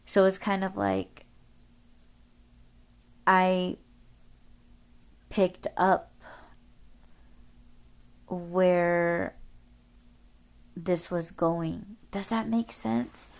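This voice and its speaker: Slow, gravelly-voiced woman podcaster. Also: on the low side, fairly even intonation. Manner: rambling, lots of swearing and filler words. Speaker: podcast host. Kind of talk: casual storytelling.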